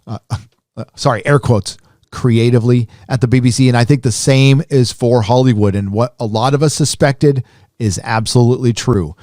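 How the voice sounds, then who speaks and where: Male live-stream host, mid-pitched, dry close sound, loose rambling delivery. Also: normal speed, no room sound. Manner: rambling, animated, many fillers and restarts. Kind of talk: casual live-stream commentary.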